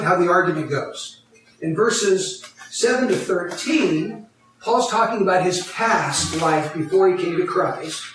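A man's voice: high voice, a bit bright, slight background noise. A man preaching a teaching sermon, explaining a Bible passage step by step and asking his congregation questions. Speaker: pastor. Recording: echoey hall, mic far off.

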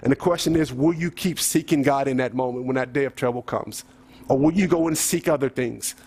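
A man's voice: medium pitch, brisk, a little mellow, breathy edge. A man preaching a sermon as a pastor, talking in a conversational way with many rhetorical questions and rising to emphatic peaks.

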